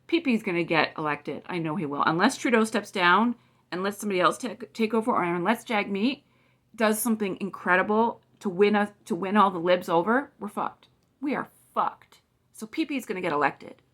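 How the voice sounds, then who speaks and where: Woman, 40s, mid-pitched, blunt swearing vlog rant. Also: brisk, fairly bright tone. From Canada. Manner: blunt, profane, indignant. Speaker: vlogger. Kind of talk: heated political rant to camera.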